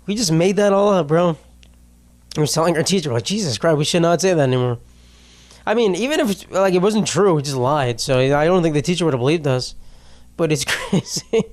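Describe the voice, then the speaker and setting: A man's voice: on the high side, lively intonation, a little fast, a little mellow. A young man hosting a podcast, talking casually in a rambling, self-deprecating way, swearing often and laughing mid-sentence. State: tearful after a loss. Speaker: podcast host. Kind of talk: casual solo podcast monologue.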